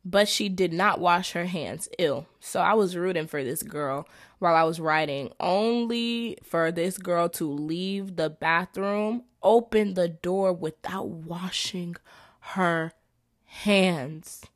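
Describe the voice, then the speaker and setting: A young woman, a college student reading through her notes in an animated, profane, exasperated rant. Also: fairly low pitch, takes it slowly. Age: young adult.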